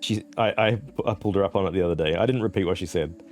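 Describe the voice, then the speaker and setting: Australian man, young adult, game streamer, very deep voice, rambling chatter, faint game music. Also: racing, a little mellow. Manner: rambling, laughing chatter with frequent swearing. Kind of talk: casual gaming commentary.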